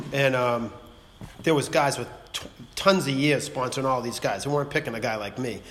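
A man's voice: mid-range voice, normal speed, fairly bright tone. Blunt man in an echoing hall. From Massachusetts. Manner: blunt, profane, rambling, repeats "you know what I mean". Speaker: speaker at a recovery meeting. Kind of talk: personal testimony to a group. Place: meeting room. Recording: long hall reverb, faint noise.

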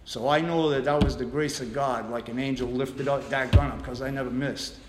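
A man's voice: mid-range voice, steady tone, brisk, music in the background. Blunt man in an echoey hall. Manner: blunt, profane storytelling with many restarts. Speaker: recovery meeting speaker. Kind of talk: personal recovery share. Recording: echoey room with background noise.

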